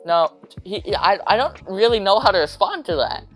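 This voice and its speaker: A young man telling a rambling, slangy storytime rant, hopping into quick voices for quotes. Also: high voice, animated, fairly bright tone, soft background music.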